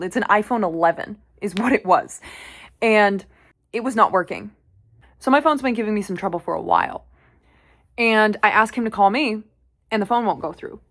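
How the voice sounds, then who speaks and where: Candid young woman telling a story. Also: medium pitch. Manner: candid, animated storytelling with swearing. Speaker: vlogger. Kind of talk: casual storytime monologue.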